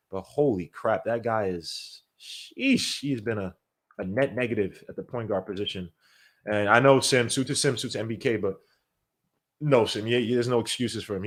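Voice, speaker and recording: A man hosting a live basketball watch-along podcast, chatting casually and animatedly, shouting out viewers by name. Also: on the low side. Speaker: podcast host.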